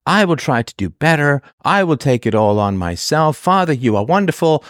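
A man's voice: on the high side, very animated, moderate pace, no echo, studio quality. A man voicing a young child who grovels and begs a father's forgiveness in a mock-pleading, sarcastic way. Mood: groveling.

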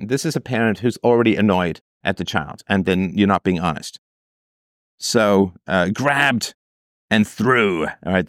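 The recording is dry and studio quality, featuring a man whose voice runs low. As host of a commentary, he reads a parent's letter and disputes it, leaning on rhetorical questions and mockingly voicing the people he quotes.

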